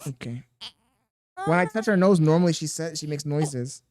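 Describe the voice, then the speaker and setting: A man's voice: fairly high pitch, lively intonation, moderate pace, darkish tone. A man streaming live, reading chat comments aloud and cooing at a baby in a playful, mock self-pitying way. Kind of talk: casual livestream chat.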